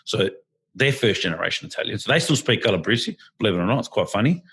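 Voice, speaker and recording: Australian male podcast co-host, husky, animated storyteller. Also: lowish voice, fast talker. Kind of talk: casual chat.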